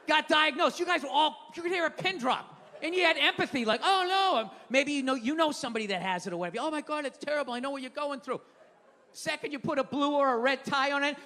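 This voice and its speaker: Stand-up guy on stage yelling his rants, high voice, crowd laughing and clapping behind. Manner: loud, exasperated ranting with profanity. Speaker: stand-up comedian. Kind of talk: stand-up comedy rant. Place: comedy stage before a live audience. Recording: live show with crowd noise. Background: audience laughter and applause.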